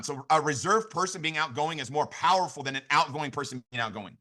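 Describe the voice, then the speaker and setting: An American man giving a motivational sales training talk to his team, energetic and constantly checking in with "right?". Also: fairly high pitch. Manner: rapid, energetic, repeats "right?" to the audience. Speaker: network marketing leader training his team.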